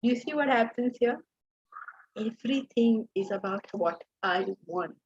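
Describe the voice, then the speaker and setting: A woman giving a class lecture as a Vedanta teacher, lively and asking her students rhetorical questions. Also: a little high, a little slow, lo-fi sound.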